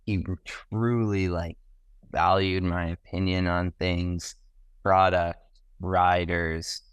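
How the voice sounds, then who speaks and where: Excited young man telling stories. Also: low voice, slow pace, smooth, no echo. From Canada. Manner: enthusiastic, animated, slangy, acts out quotes. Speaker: podcast guest, pro snowboarder. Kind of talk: casual podcast storytelling.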